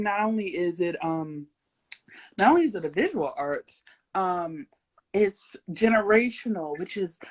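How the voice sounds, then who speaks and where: A woman's voice: mid-range voice, breathy edge. A young adult woman hosting a casual livestream interview, playful and rambling, breaking into giggles and silly sound effects. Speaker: host.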